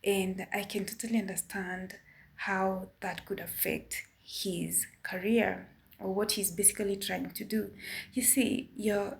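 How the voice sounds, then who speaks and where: Kenyan woman vlogging her take, slow and careful, bit of vocal fry. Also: mid-range voice. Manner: measured, careful, apologetic about her opinion. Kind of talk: casual opinion commentary.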